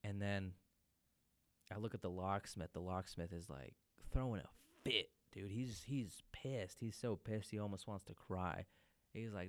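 A man's voice: on the low side, a little slow, no echo. A man casually telling a personal story, loose and profane, peppering his talk with "dude" and "man".

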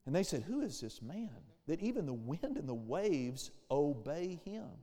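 A man preaching a sermon with a high, mellow voice. He calls for amens and slips into the voices of the people he quotes. His words ring out into a hall with a long tail of reverb. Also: big pitch swings, normal speed. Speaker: pastor.

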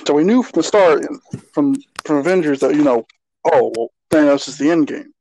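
A man's voice: on the high side, a little fast, a little mellow, no room sound, rough recording. Joking, loose-talking podcast man. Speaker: podcast co-host. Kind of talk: casual chat.

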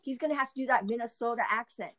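A young woman co-hosting a casual chat, animated and acting out reactions. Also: fairly high pitch, very fast. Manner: animated, acts out quoted reactions. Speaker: podcast co-host.

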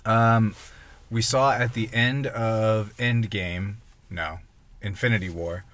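A man's voice: lowish voice, slow. A man hosting a podcast, chatting casually and summing up a movie plot from his notes. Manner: relaxed, summarizing a plot from notes. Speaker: podcast host.

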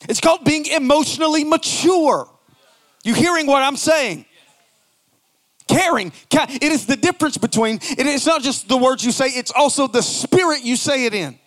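A male pastor preaching to a congregation, swinging between loud emphatic bursts and soft, low asides, and acting out quoted lines in mocking voices. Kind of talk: sermon.

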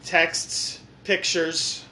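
A man co-hosting a casual comedy podcast, quick with absurd jokes. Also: pushed and bright, slight background noise. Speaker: podcast co-host.

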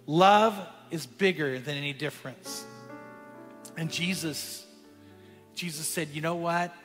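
Bright-voiced man preaching in a hall. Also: a little high, takes it slowly, soft background music. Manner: storytelling, shifting from hushed to emphatic. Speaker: pastor. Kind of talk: sermon.

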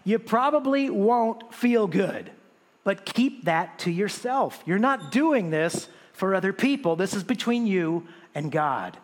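A man preaching a sermon as pastor, animated, with many restarts and rhetorical questions to the congregation. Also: high voice, takes it slowly, big-room sound.

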